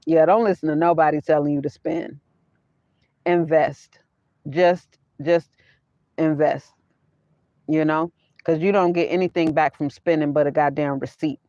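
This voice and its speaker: A woman's voice: low voice, steady tone, measured pace, pauses often, warm tone, dry recording. A woman hosting a casual livestream from her van, talking straight to her viewers, repeating her phrases and laughing often. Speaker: vanlife vlogger hosting a livestream. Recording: dull lo-fi sound.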